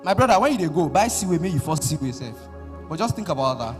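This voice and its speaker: A man with a Nigerian accent performing dramatic, rhythmic spoken word poetry at a conference, with long pauses between phrases. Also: on the high side, sing-song. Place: large conference hall. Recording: hall reverb with music bed.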